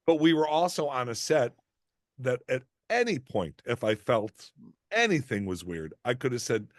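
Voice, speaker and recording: A man's voice: moderate pace, no room sound, clean studio sound. A middle-aged man, an actor as interview guest, telling stories in casual chat and acting out the people he quotes. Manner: animated, acts out quoted voices with big pitch jumps.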